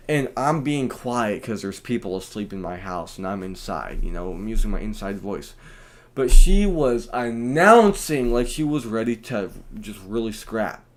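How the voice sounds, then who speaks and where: Brief: young man, casual home stream, rambling, animated, slangy storyteller. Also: medium pitch, takes it slowly. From United States. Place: at home, indoors.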